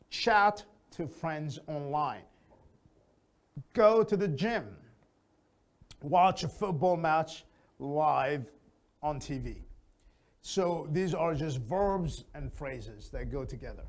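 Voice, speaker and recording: A man teaching an English conversation lesson, speaking deliberately and modelling lively intonation. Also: fairly high pitch. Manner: slow, deliberate delivery that models expressive intonation.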